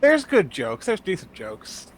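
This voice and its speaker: A man's voice: sits high, wildly swooping pitch, measured pace, crowd noise. Laid-back young man co-hosting a podcast. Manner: laid-back, short interjections. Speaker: podcast co-host. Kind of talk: casual podcast chat.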